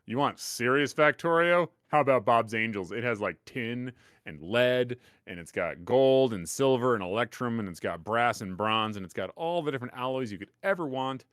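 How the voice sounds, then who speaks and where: A podcast co-host chats casually, rambling and poking fun at himself with lots of fillers and restarts. His medium-pitched voice is expressive and a bit bright at normal speed, captured as clean studio sound with no echo.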